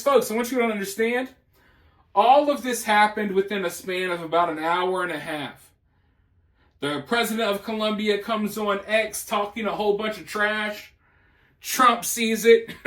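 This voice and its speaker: A man's voice: high-pitched, a bit bright, reverberant, recorded from a distance. A man giving emphatic, mocking political commentary. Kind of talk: opinion commentary.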